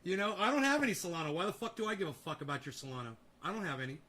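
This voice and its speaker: A man with a high, bright voice who rants at his livestream chat. His tone is heated and profane, and he snaps back at commenters while he keeps talking. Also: expressive, racing. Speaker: streamer host.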